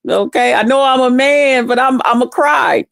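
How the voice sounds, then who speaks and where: A woman's voice: sits high, normal speed, creaky, no echo. Brief: woman vlogger, foul-mouthed casual storyteller, dry close mic, no room sound. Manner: blunt, salty, talks straight to viewers. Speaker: vlogger chatting with live viewers. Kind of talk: casual profane storytelling to camera.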